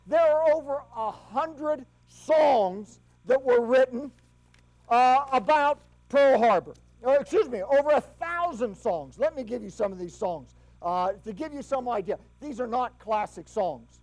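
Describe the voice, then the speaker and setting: High-voiced man lecturing animatedly. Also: rough recording. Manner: animated, asks rhetorical questions. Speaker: history lecturer. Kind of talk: classroom lecture.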